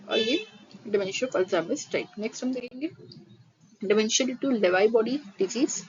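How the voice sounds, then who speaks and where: A woman teaches a nursing lecture, reading her notes at an even pace and then switching to rapid Hindi-English explanations. Her voice sits at a middle pitch. The audio is slightly dull, with a faint hiss underneath. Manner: reads terms steadily, then re-explains them quickly in Hindi-English mix.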